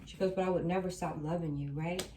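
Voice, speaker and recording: A woman gives viewers a tarot reading at a quick pace, her lowish voice dark in tone and fairly even. Emphatic and reassuring, she keeps repeating her main lines. A distant mic gives the recording a roomy sound with slight background noise.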